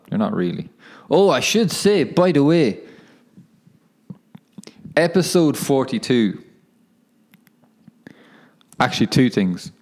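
A man's voice: lowish voice, a little mellow. A young man hosting his own podcast, chatting casually in a rambling, self-correcting way and laughing at himself. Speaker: podcast host and professional footballer. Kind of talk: casual solo podcast monologue.

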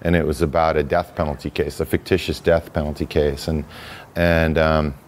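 A man talks as a guest on a podcast, his voice sitting very low and deep. He rambles loosely through his thoughts with plenty of "um" and restarts. It is an easygoing, conversational delivery. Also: level tone, moderate pace, a little hiss or hum. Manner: laid-back, rambling storyteller with many fillers. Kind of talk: casual conversation.

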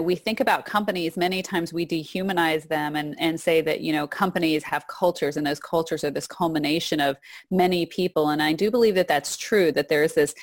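A woman's voice: on the low side, no room sound. Thoughtful woman, dry close sound. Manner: thoughtful, reflective. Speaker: podcast co-host. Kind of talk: casual podcast chat.

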